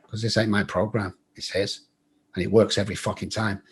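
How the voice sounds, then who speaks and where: A man's voice: lowish voice, flat delivery, fairly quick, husky. A middle-aged man from England with an English accent, a guest telling his life story bluntly, swearing freely and acting out other people's lines. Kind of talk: storytelling in an interview.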